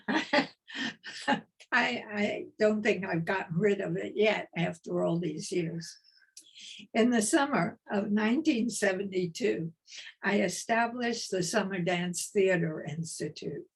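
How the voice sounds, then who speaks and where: An older woman with a New York accent giving a lecture as a retired dance professor over a video call, in a slow, measured, deliberate way. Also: medium pitch. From East Coast of the United States.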